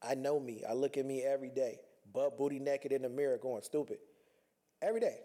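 A man's voice: mid-range voice, flat delivery, fast, mellow. A man talking earnestly in a reflective personal monologue, conversational and repeating himself as he works through his thoughts.

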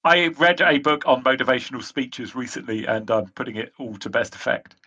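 A man with a bright, forceful voice, playing at a tabletop game. He keeps the others moving with brisk, jokey urging. The sound is dull and lo-fi. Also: medium pitch, fairly even intonation, slightly rough. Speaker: player. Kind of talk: casual in-character table talk.

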